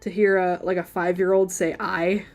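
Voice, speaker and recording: A woman's voice: lowish voice, steady tone, normal speed, mellow, soft background music. A woman streaming live as she draws, chatting casually in a rambling, playful way and laughing often. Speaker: livestream artist. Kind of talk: casual chat while drawing.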